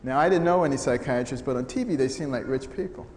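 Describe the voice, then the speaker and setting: A middle-aged American man giving a storytelling talk to an audience, humorous and animated, often acting out the voices of the people he quotes. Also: medium pitch, fast talker. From United States. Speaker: speaker giving a testimony talk. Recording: echoey hall sound with faint noise.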